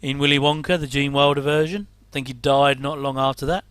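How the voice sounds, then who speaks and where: A man's voice: mid-range voice, steady tone, fairly quick, fairly bright tone, clear, resonant tone, dry recording. A middle-aged English man rambling casually through a reaction commentary, with chatty, self-deprecating asides. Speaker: host.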